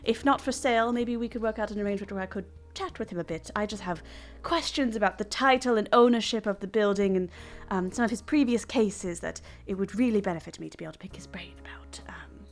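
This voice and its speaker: A woman's voice: mid-range voice, fast talker, soft background music, close to an everyday voice. A woman voicing a formal, ingratiating female detective agency owner.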